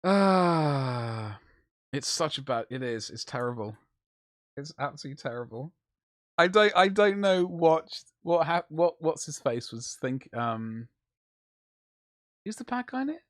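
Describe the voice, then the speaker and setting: A man chatting away on a live stream as he paints, with a lively, swooping delivery. He rambles and jokes through loose, casual banter. His voice sits close and dry, with no room sound. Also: a little high, unhurried, dry recording. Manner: rambling, jokey banter with chat. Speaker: livestreamer.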